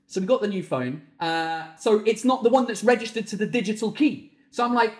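Swearing, animated comedian ranting. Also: male voice, high voice, normal speed. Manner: animated, swearing, exasperated storytelling. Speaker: comedian podcast host. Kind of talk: ranting comic monologue. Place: home office at the end of the garden. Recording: echoey room.

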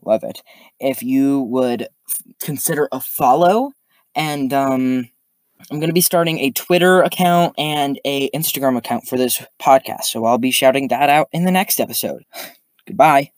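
A man's voice: mid-range voice, moderate pace, no room sound. Chatty man reading stories, dry sound. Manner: chatty, stumbles and restarts, comments on the stories. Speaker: podcast host reading online stories. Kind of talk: casual story reading with asides.

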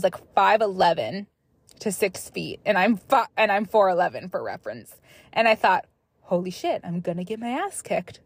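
A young woman hosting a podcast, reading listener stories aloud and breaking off into chatty, animated asides. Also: medium pitch, slightly rough, no room sound. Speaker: podcast host.

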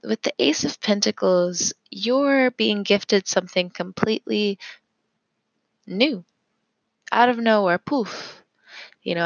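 A woman hosting a podcast, doing a casual tarot reading in a reflective manner with pauses and fillers. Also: fairly low pitch, no echo, low-quality recording. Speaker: tarot reader and podcast host.

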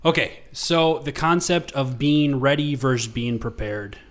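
A man's voice: mid-range voice, measured pace. A man co-hosting a podcast, talking casually with frequent ums and uhs. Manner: relaxed, lots of ums and uhs. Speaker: podcast co-host.

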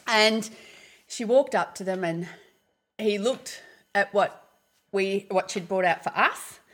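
A woman in her fifties telling lively personal anecdotes in casual chat, often breaking into laughter. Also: medium pitch, slow.

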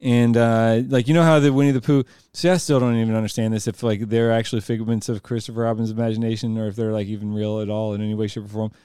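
Chatty man with a smooth, dry voice. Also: on the low side, little pitch movement, quick pace, hardly any pauses, mellow, dry recording. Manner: rambling, laughs often, uses "like" a lot. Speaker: podcast co-host. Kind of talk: casual group chat.

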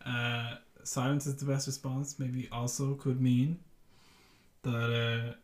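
A man's voice: medium pitch, little pitch movement, slow pace. A man in his twenties, a podcast guest, talking casually and hesitantly as he searches for words. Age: 20s. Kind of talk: casual chat. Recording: roomy echo.

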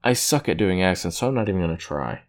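A man's voice: sits low, expressive, quick pace. A man casually recapping episodes of a show, rambling, correcting himself and chuckling as he goes. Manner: rambling, self-correcting, chuckles at own retelling.

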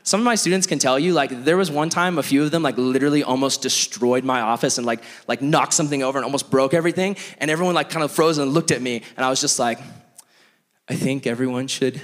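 A young man preaching as a youth pastor, telling stories in an animated, self-mocking way full of "like". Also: medium pitch, fast talker, few pauses. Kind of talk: storytelling sermon. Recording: long reverb of a large hall.

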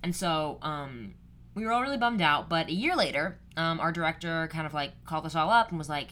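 Low-voiced chatty young woman podcaster. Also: expressive, fairly quick, a bit bright. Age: 20s. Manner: chatty and rambling, many fillers. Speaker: podcast host. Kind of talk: casual solo podcast chat.

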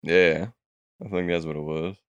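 A young man with a low, smooth voice tells a rambling tale among friends, swearing constantly and slipping into quoted voices. The sound is dry and close. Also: moderate pace, no room sound, highs cut off. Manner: profane, animated storytelling with acted quotes. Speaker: storyteller recounting a dream. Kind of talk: casual chat.

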